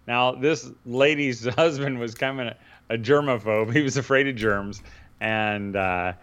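Smooth-voiced chatty podcast man. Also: mid-range voice, unhurried, fairly bright tone. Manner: rambling storyteller, laughs often. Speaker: podcast co-host. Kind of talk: casual chat.

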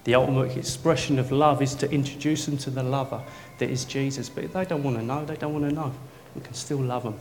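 A man preaching a sermon in a church, swinging from jokey banter to soft, intimate prayer. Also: medium pitch, steady tone, fast, slight background noise. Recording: long hall reverb, faint ambience.

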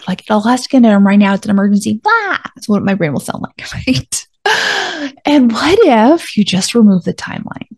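A woman's voice: mid-range voice, a little mellow, breathy edge, no room sound. A woman life coach talking through a podcast monologue in a conversational way, often acting out her own self-talk.

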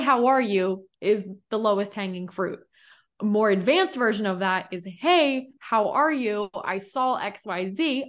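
A woman business coach speaking as a podcast guest, with a voice of ordinary pitch. She explains things in a confident teaching tone. She keeps checking in with a rhetorical "right?". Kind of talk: podcast interview, advice.

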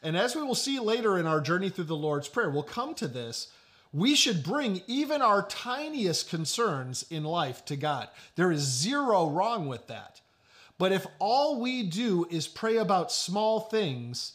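A male pastor preaching a sermon, emphatic, repeating key phrases and slowing down to stress them. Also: high voice, sing-song, fairly bright tone.

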